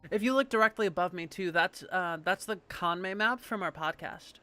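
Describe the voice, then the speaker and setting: A woman's voice: lowish voice, normal speed, pushed and bright, no echo, soft background music. A woman streamer in casual live-stream chat, rambling and chatty, swearing now and then.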